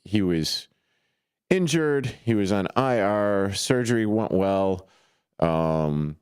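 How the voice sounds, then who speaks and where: A man's voice: lowish voice, animated, slow, darkish tone, clear, resonant tone, no echo. A man hosting a casual sports talk radio show from a studio, talking in a loose, rambling way with plenty of fillers and restarts. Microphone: studio microphone.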